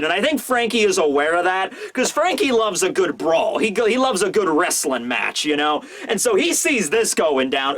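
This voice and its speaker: A man giving casual commentary as a manga reviewer. He talks excitably and rambles, with lots of fillers. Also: high-pitched.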